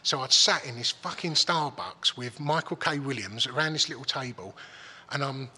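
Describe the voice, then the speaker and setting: Swearing man, raspy and bright. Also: medium pitch. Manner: swears freely, halting restarts. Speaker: guest telling a story. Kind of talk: casual storytelling chat. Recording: long hall reverb.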